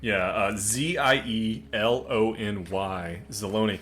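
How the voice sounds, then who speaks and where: A man running a tabletop game as game master, laid-back and quick to laugh. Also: lowish voice, steady tone, a bit bright, a little hiss or hum.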